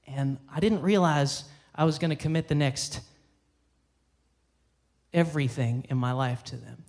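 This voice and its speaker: A man, the band's violinist, telling an animated story on a theater stage into a stage microphone, acting out scenes with sudden jumps in pitch. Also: a little slow. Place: theater stage at a live concert.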